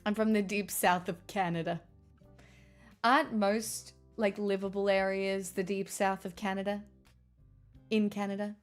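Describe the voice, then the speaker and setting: A woman's voice: medium pitch, level tone, unhurried, faint music behind. A woman streaming live, chatting casually and answering her chat's questions aloud. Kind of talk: casual chat reading stream chat.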